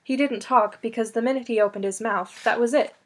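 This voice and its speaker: Female audiobook narrator, expressive storyteller. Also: a little high, a little fast. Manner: expressive, lingers on emotional lines. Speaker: audiobook reader.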